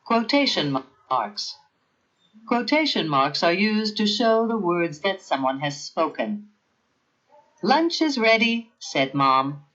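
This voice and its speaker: Slow, careful lesson narrator. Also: medium pitch, sing-song, sharp tone, lo-fi sound. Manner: slow, careful, evenly paced explanation. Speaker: teacher. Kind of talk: scripted instructional narration.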